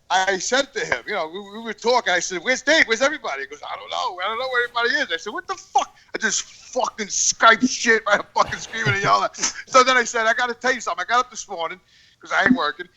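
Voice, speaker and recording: A man's voice: high-pitched, animated, fast talker, pushed and bright, low-quality recording. A man ranting in casual chat on a podcast call, profane, rambling and heated. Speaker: regular podcast guest. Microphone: video call.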